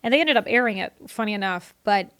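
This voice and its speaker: Chatty woman telling animated stories. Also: medium pitch, quick pace. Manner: animated, chatty, often breaks into laughs. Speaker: guest, horror host and vintage performer. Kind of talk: casual interview storytelling.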